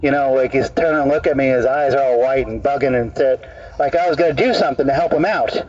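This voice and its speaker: A male street comedian telling a rambling, deadpan absurd story in halting, repeated phrases to people in an outdoor park. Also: medium pitch, a loud crowd. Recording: dull distant outdoor recording.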